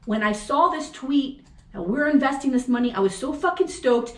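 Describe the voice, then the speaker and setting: A woman co-host vents in an angry, profane political rant, firing off question after question. Her voice sits very high. The room around her rings with echo. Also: lively intonation, moderate pace. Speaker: podcast co-host. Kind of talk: heated political chat. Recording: echoey room.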